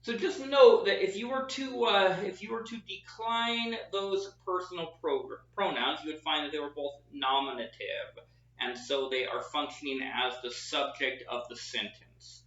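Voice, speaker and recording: A man's voice: a little high, measured pace, fairly bright tone. A man, a professor, giving a chatty classroom lecture at a whiteboard, with a self-deprecating teaching manner. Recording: echoey, distant, dull room sound.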